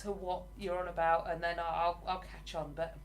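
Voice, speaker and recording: A woman's voice: fairly low pitch, level tone, moderate pace, slight background noise. Chatty southern English woman. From England (Hertfordshire). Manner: chatty and enthusiastic, laughs often. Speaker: livestream host. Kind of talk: casual live chat, reading viewer comments.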